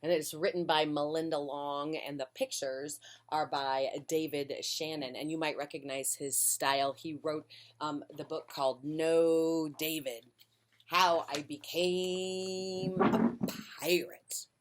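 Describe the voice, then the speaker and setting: A woman reading a children's picture book aloud on a porch, with a gentle, friendly delivery. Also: sits low, fairly even intonation, a little slow. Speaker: children's storyteller.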